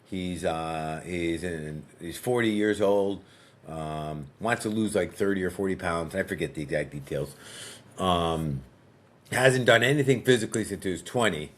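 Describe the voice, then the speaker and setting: A man, a podcast guest and fitness coach, telling a story in a relaxed, conversational way and acting out dialogue as he goes. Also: low voice, moderate pace. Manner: frequent fillers and restarts.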